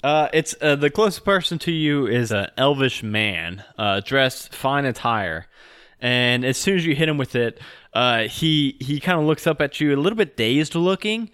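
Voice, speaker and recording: A man's voice: mid-range voice, animated, moderate pace, fairly bright tone, smooth, dry recording, clean studio sound. A young man narrating as game master of a tabletop game, casual and full of filler words.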